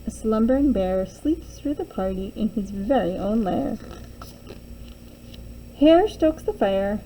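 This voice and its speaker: A woman's voice: fairly high pitch, mellow, a little hiss or hum, rough recording. A young adult woman teacher reading a children's picture book aloud, with sing-song storytelling and little character voices.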